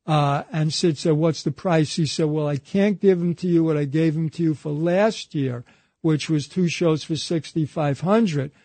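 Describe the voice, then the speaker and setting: A man's voice: fairly high pitch, normal speed, warm tone, dry recording. A man being interviewed who tells a long anecdote, retelling it through a chain of quoted dialogue and frequent "he said.". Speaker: interview guest. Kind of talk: conversational storytelling anecdote.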